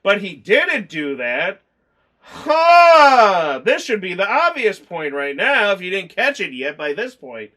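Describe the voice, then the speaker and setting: High bright-voiced man reviewing a film. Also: sing-song, moderate pace, hardly any pauses. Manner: rambling, acts out scenes in mock voices. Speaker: movie reviewer. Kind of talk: casual film review chat.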